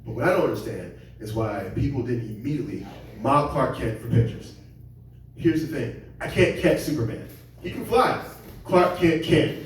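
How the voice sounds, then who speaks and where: A man's voice: medium pitch, animated, normal speed, slight background noise. A man doing a rambling, self-deprecating stand-up set on a comedy club stage, slipping into voices for the people he quotes. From Seattle area. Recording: very echoey room, mic at a distance.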